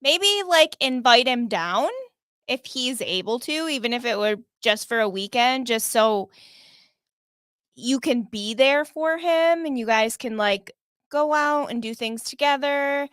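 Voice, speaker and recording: A woman co-hosts a live-stream chat, chiming in casually and laughing often. She hesitates as she thinks aloud, her voice a little high. The sound is dry and close. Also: animated, unhurried, a bit bright, clear, resonant tone, no room sound. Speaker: co-host.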